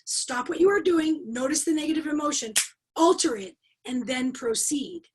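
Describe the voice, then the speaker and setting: A middle-aged woman leading a leadership webinar over a video call, teaching in an animated, emphatic way and asking the audience rhetorical questions. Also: high voice, moderate pace, slight background noise, rough recording. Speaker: leadership coach and trainer.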